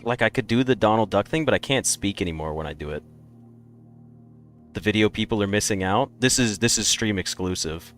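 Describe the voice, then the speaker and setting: A man's voice: fairly low pitch, fairly quick, soft background music. A man streaming a game, chatting casually and rambling through opinionated takes. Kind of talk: casual live-stream chat.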